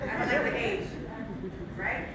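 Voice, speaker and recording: A woman in her sixties, giving an energetic business pitch to a live audience on a handheld mic, her voice strained from shouting. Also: far from the mic, very noisy. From Canada. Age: 60s. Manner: energetic, rapid questions to the crowd. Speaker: sales presenter. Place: large room with an audience. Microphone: handheld microphone. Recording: very echoey hall, mic from afar.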